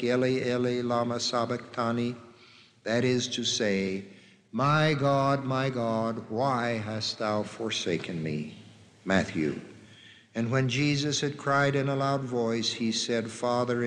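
Man, solemn measured scripture reading, mid-pitched, long hall reverb, faint background noise. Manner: slow, measured, solemn reading with drawn-out quotes.

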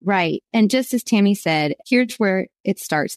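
A woman's voice: mid-range voice, lively intonation, unhurried, hardly any pauses, no echo, studio quality. A woman co-hosting a Bible study podcast, talking earnestly and confessionally. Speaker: co-host.

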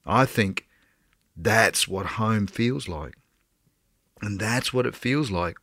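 A middle-aged man, a pastor giving a gentle, earnest sermon that slows down on key phrases. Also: lowish voice, no room sound, clean studio sound. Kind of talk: devotional sermon.

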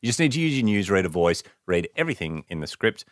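A man's voice: fairly low pitch, very animated, fast, no echo, studio quality. A man, co-hosting a podcast and teasing his friends in casual banter. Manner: teasing, laughs often. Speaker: podcast co-host.

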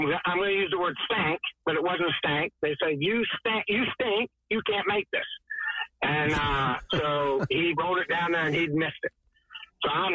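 A man's voice: on the high side, bright, forceful tone, dry recording. Laughing storyteller man on a phone line. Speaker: golf pro guest. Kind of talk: casual storytelling.

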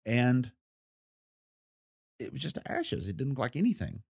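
A man's voice: mid-range voice, huge pitch swings, a little slow, vocal fry, a little mellow, breathy edge, no echo, studio quality. A man, a former federal investigator, telling a case story in a folksy, plain-spoken interview manner and acting out the voices he quotes.

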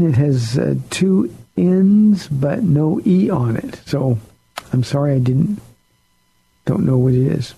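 A man's voice: fairly high pitch, lively intonation, takes it slowly, gravelly, warm tone, slightly rough, low-quality recording. A pastor on a call-in radio show, a man answering listener questions in an earnest, plain-spoken way.

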